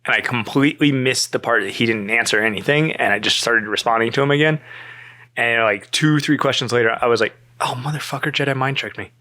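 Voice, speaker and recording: A man in his thirties telling a story in casual chat, animated, cursing freely and acting out both sides of the conversation. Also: medium pitch, brisk, no room sound. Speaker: podcast guest.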